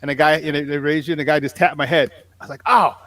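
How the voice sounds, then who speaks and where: A man in his forties with a fairly high voice, co-hosting a sports podcast in a loose, chatty way. He tells lively stories, mimics the people in them and swears without restraint. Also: very fast. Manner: animated storyteller, acts out quotes, swears freely. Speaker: podcast co-host, former player and coach. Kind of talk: casual sports chat.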